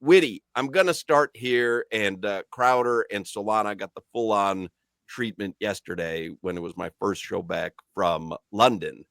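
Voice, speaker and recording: A man's voice: lowish voice, measured pace, gravelly, a bit bright, no echo, clean studio sound. A man hosting a sports talk radio show, bantering jokily and slipping into mock British phrases. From United States.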